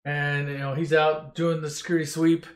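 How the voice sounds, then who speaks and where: High-pitched guy doing a foul-mouthed, loose comic movie recap in a roomy space. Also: little pitch movement, moderate pace. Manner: crude, rambling, swears constantly, mimics characters loosely. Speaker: storyteller. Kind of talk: profane comedic movie retelling.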